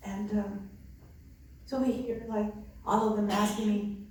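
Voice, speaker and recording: Woman, a nun, earnest storytelling, medium pitch, recorded far off in an echoey room with faint ambience. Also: flat delivery, normal speed, dark tone, slight background noise. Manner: earnest, conversational with many fillers. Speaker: nun running a migrant respite center. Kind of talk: personal storytelling.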